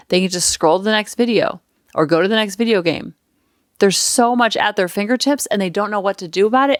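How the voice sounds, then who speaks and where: A woman's voice: mid-range voice, no room sound. A woman hosting a parenting podcast, talking casually and earnestly into a close mic. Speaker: podcast host, parenting coach. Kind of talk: casual solo podcast talk.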